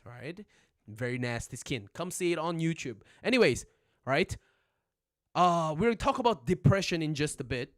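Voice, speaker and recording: A man's voice: fairly high pitch, a bit bright. Joking young man teaching on a livestream. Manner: joking, rambling, profane, says "right?" a lot. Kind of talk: casual livestream lesson. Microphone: phone.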